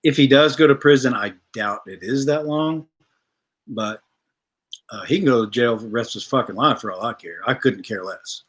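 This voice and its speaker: A man's voice: mid-range voice, normal speed, a bit bright. A man, hosting a livestream, ranting bluntly and profanely while reading viewer comments. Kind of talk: casual livestream rant.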